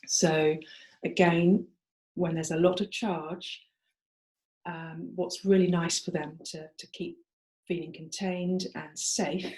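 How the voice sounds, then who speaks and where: A woman's voice: lowish voice, level tone, slow, a little mellow. A woman therapist explains treatment techniques to fellow practitioners in an informal teaching talk. She talks it through conversationally, building her points as she goes.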